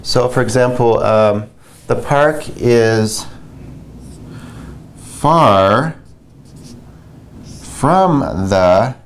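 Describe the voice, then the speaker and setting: A man's voice: medium pitch, drawn-out words, long pauses, a little hiss or hum. A man teaching beginner French grammar in a patient, conversational way, repeating and explaining examples.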